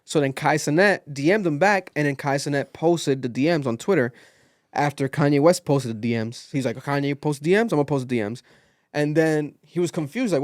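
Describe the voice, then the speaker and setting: Young male podcast host, slightly high voice, dry close mic, animated storyteller. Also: a little fast, no room sound. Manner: animated storytelling, acts out quotes. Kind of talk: casual podcast chat.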